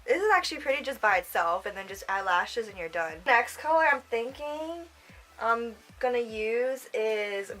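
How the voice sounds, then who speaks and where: A woman's voice: a little high, animated, normal speed, fairly bright tone, poor audio. Chatty young woman, makeup tutorial. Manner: rambling, chatty, trails off with self-talk; giggly. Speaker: makeup vlogger.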